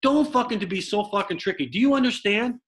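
A man voicing an exasperated, profane older baseball manager who lectures gruffly. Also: sits high, very animated, racing, fairly bright tone, pitched above the performer's own voice, heavily acted.

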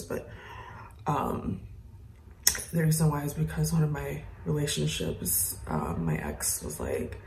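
Tearful young woman with a gravelly voice. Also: deep voice, big pitch swings, unhurried, a little hiss or hum. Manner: emotional, confessional, with soft laughs. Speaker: vlogger. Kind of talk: casual personal vlog. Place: indoors at home, then an airport.

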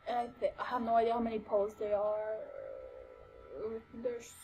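A woman's voice: a little high, flat delivery, moderate pace, warm tone, a little hiss or hum. A young woman casually commenting while playing a video game, chatty and scattered, with lots of fillers and exclamations. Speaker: gaming channel host. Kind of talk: casual let's-play commentary. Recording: faint game music behind.

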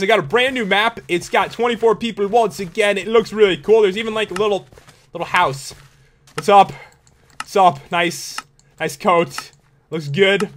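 Excitable young man narrating his gameplay. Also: sits high. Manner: excitable, jokey, panics out loud. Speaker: gaming video host. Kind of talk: live gameplay commentary.

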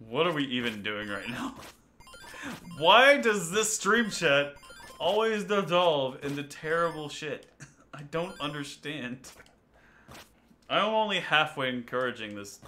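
A man's voice: fairly high pitch, very animated, slow pace, sharp tone. A young man casually commenting on a game he plays live, chatting and laughing with his viewers. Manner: chatty, laughing, talking to chat. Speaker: streamer. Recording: game music behind the voice.

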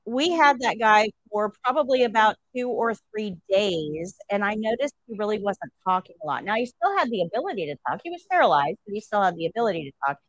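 A woman's voice: medium pitch, expressive, fairly quick, few pauses, no echo, poor audio. A woman nursing instructor telling a story to her class during a livestream, asking rhetorical questions as she goes.

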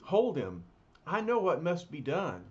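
A man voicing a calm, level-headed male scientist who gives quick reassuring commands, in a muffled lo-fi recording. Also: on the high side, voice pushed up. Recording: muffled lo-fi recording, faint hiss.

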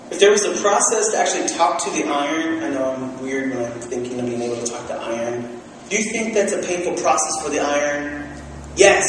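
Casting: young male pastor, high voice, lively storytelling sermon, recorded far off in a church. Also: a little hiss or hum. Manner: animated storytelling with acted-out quotes. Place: church sanctuary. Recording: echoey hall from far off.

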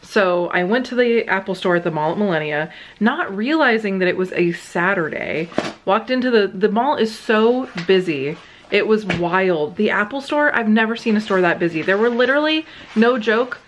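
A woman in casual chat as a vlogger, giggly and animated as she tells stories. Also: medium pitch, normal speed, a little hiss or hum.

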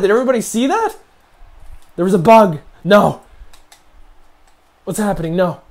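A young man giving gameplay commentary, swearing often and shouting at the game. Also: sits high, animated, moderate pace, long pauses. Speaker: let's play commentator.

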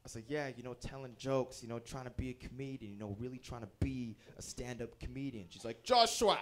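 A man's voice: mid-range voice, fast talker. A young man performing a stand-up comedy set, telling self-deprecating stories with playful shifts in his voice. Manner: animated, self-deprecating storytelling with playful voice swings. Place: small comedy venue at a bowling alley.

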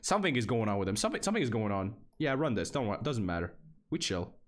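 Excitable young man streaming games, lively pitch. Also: very fast, a little hiss or hum. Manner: excitable, repetitive, swears, lively swings in pitch. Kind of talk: live game stream commentary.

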